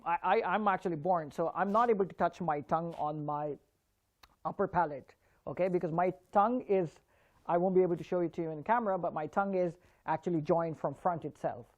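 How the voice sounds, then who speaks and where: A man giving an online spoken English lesson, drilling words slowly and clearly and encouraging his learners. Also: fairly high pitch, darkish tone, highs cut off.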